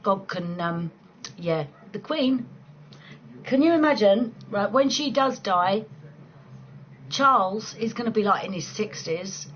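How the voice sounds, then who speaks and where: A woman's voice: medium pitch, animated, slow, long pauses, a bit bright, dull audio, slight background noise. Sweary, laughing woman in her forties. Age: 40s. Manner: sweary, laughing, playful banter. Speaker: livestream host chatting with viewers. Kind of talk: casual late-night livestream chat. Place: at home late at night.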